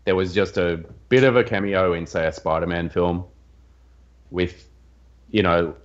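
A man's voice: deep voice, steady tone, measured pace. An Australian man co-hosting a podcast, talking in an easygoing, conversational way. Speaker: podcast co-host. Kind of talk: casual chat over a call. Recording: dull lo-fi line.

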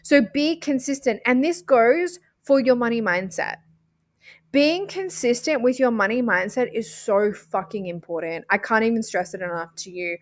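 A woman with an Australian accent talks through a motivational podcast episode in a fairly high voice. She is expressive and casual, swears freely and stacks repeated words for emphasis. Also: normal speed. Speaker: podcast host.

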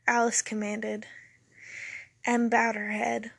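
A woman reads a story aloud in a fairly high voice with a gravelly, husky edge, now and then stumbling over a word and fixing it. The sound is close and dry, with no room around it. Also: monotone, slow pace, no room sound. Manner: self-correcting slips while reading. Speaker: narrator. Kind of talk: reading a story aloud, doing character voices.

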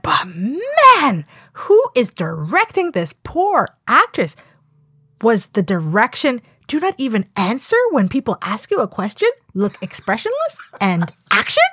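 Woman co-host, lively pitch swings, dry close recording, playful reader. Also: slightly rough, no echo. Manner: lively, reads comments with playful emphasis. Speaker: podcast co-host. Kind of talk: casual chat.

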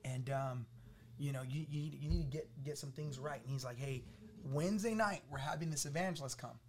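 A man from the Los Angeles area telling his testimony as a podcast guest, acting out what people said to him in an animated way. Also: mid-range voice, a little fast, a little hiss or hum. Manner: animated, acts out quoted voices, laughing through funny parts. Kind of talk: storytelling testimony.

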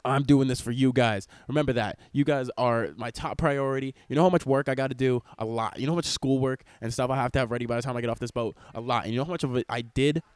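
A young man talks fast and loose in a rambling, excitable podcast rant, cursing freely. His voice sits at an ordinary pitch and comes through close and dry, with no room sound around it. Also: smooth, dry recording. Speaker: podcast host. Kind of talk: casual podcast chat. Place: in public on a cruise ship. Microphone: wearing headphones, laptop recording.

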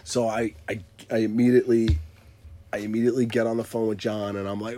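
A man's voice: fairly low pitch, flat delivery, quick pace, mellow, a little hiss or hum. Rambling man telling a casual story. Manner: rambling, self-correcting, laughs often. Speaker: podcast co-host telling a story.

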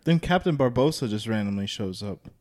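A man's voice: lowish voice, animated, a little fast, a little mellow. A young man co-hosting a casual movie podcast, rambling with fillers and laughing. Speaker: podcast co-host.

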